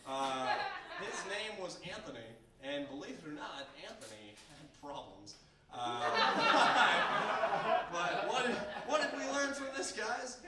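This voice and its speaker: A man's voice: high-pitched, very animated, slow pace. A young man performing a self-deprecating stand-up comedy set on a small bar stage, often laughing at his own jokes. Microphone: handheld camera recorder in the audience. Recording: roomy bar recording from a distance, crowd noise. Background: audience laughter.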